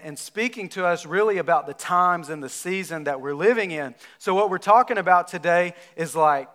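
A man, a pastor from North Alabama, preaching a sermon in a relaxed, conversational storytelling way. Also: on the high side, clean tone.

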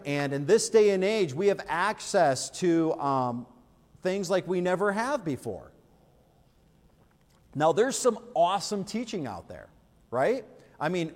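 A male pastor preaching a conversational sermon, animated and full of rhetorical questions. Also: a little high, long reverb tail.

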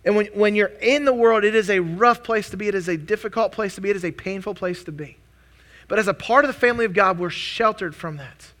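A man's voice: high-pitched, fairly quick, fairly bright tone. A man preaching a sermon as pastor, earnest and conversational, often restarting his words.

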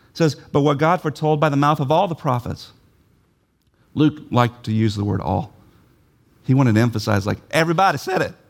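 A man preaching a sermon, emphatic, repeating key phrases and putting questions to his listeners. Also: mid-range voice.

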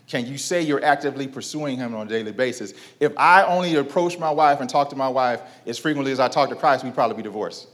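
Man preaching in conversational call-and-response. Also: mid-range voice. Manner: conversational preaching with rhetorical questions and repetition. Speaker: pastor. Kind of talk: sermon.

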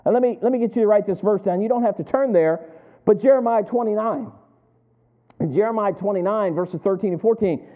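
A man's voice: extremely high pitch, moderate pace. A man preaching a sermon to his congregation, asking them questions and waiting for answers back. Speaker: pastor. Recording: tinny phone-like sound.

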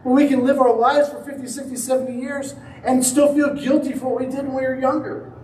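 A man's voice: very high-pitched, level tone, fairly quick, a little mellow, a little hiss or hum. A man preaching a sermon, telling a story and acting out the quoted lines. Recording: echoey room from a distance.

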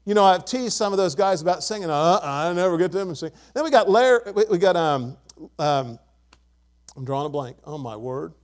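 A man's voice: high voice, expressive, brisk. An older man preaching a sermon to his church, emphatic and repeating key words. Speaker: pastor.

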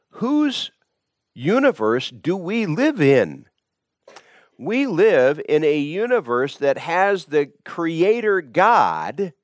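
A man preaching a sermon, emphatic and repetitive, building his points through deliberate repetition. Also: on the high side, no room sound, studio quality.

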